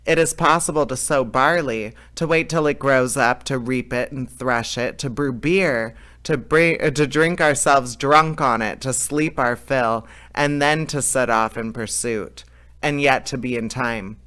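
A man reading as a loyal talking steed in a storybook, answering in measured, steady phrases. His voice is bright and smooth. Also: mid-range voice.

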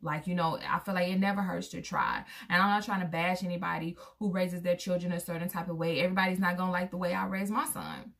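A woman and mother giving her candid opinions to viewers in a casual vlog, acting out quoted voices with big jumps in pitch. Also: fairly even intonation, fast, creaky, few pauses, fairly bright tone. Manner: candid, talks straight to viewers. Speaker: vlogger; parent of a son.

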